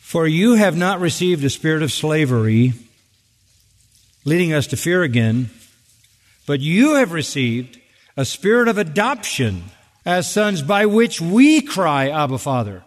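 A man's voice: fairly high pitch, sing-song, a little slow, pauses often. An older man preaching a sermon from the pulpit, emphatic and building to urgent peaks on key phrases. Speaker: pastor. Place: large church. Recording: long reverb of a church sanctuary.

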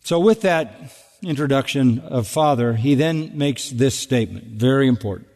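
A man's voice: medium pitch, animated, moderate pace, a little mellow, in a large hall. A man preaching an expository sermon in an earnest, emphatic way, repeating key words for stress.

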